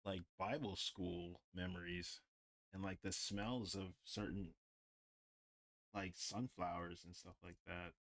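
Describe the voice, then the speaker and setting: A man's voice: deep voice, steady tone, slow, a bit bright. A man livestreaming while he draws, chatting casually and rambling with lots of "like". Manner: rambling, heavy use of "like". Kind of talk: casual chat while drawing.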